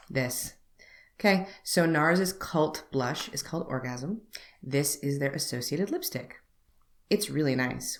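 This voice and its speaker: Young woman vlogger, lowish voice, very lively pitch, wry storyteller who acts out her dialogue. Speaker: beauty vlogger. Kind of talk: storytelling to camera.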